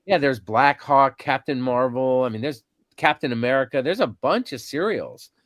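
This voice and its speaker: A man in his fifties tells stories as a podcast guest, animated and full of ums and restarts. His voice sits at a middle pitch. It sounds close and dry, with no room around it. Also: normal speed, no room sound. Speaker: podcast guest, convention organizer. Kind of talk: casual storytelling interview.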